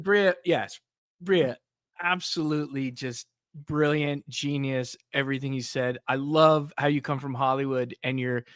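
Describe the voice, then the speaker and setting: An enthusiastic man on a panel chat with a notably high voice. He gushes with praise and builds excitement as he talks. The recording is dry, with no room sound. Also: no echo. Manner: enthusiastic, effusive.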